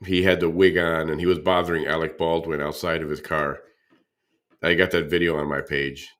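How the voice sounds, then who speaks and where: A man's voice: a bass voice, flat delivery, normal speed, a bit bright. A man hosting a casual reaction show, laid-back and swearing as he talks over gossip clips. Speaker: host.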